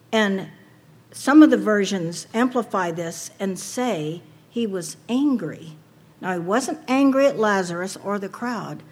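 Slow, husky woman preaching a sermon. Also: medium pitch, a little mellow. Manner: earnest, with rhetorical questions.

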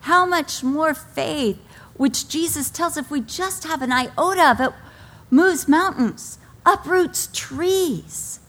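A woman's voice: sits high, slow pace. A middle-aged woman, a pastor's wife, preaching a sermon and telling stories with acted-out quotes. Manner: animated storytelling, acts out quoted voices. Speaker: pastor's wife and daughter, speaker. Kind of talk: sermon to a women's audience.

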